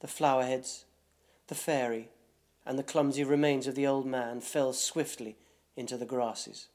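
A man reading a dark short story aloud, in a measured, deliberate narration. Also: mid-range voice, little pitch movement.

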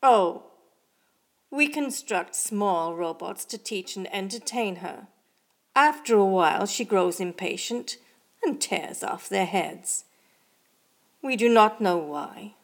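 A polite, measured male android who speaks calmly and slowly, as a woman reads him in a sci-fi audio story. His lines come at an unhurried pace. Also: mid-range voice. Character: calm male android host.

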